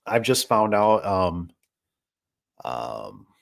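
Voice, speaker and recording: Casting note: a lower-voiced small-business owner, a man, talking off the cuff, folksy and rambling, close dry sound. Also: big pitch swings, extremely slow, vocal fry, dry recording. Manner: rambling, filler-heavy, folksy. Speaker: garage door business owner. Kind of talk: casual livestream chat.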